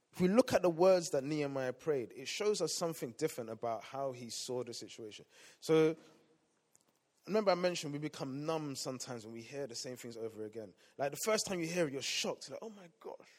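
A male pastor preaching a sermon, swinging between loud emphatic lines and quiet asides. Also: a little high, expressive, moderate pace. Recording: long hall reverb.

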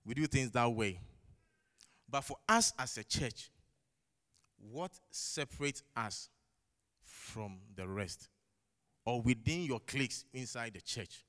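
Slow and marked by long pauses, the preacher's medium-pitched voice is expressive with a fairly bright tone. The man, who has a non-native English accent, delivers an emphatic sermon in a church hall, asking the congregation rhetorical questions and repeating key phrases amid a long, large-hall echo.

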